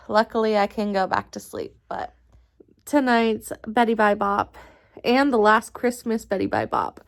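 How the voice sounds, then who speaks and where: A woman vlogger reading a rhyming picture book aloud at home at night, in an unhurried storytelling way, then chatting casually. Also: medium pitch, animated. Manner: unhurried storytelling, laughs between lines.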